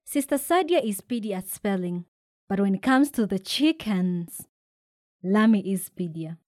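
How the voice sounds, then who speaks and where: A woman from Kenya reading a children's picture book aloud, with lively shouted voices for the characters. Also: mid-range voice, measured pace, no room sound, studio quality. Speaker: storybook reader. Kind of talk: expressive read-aloud storytelling.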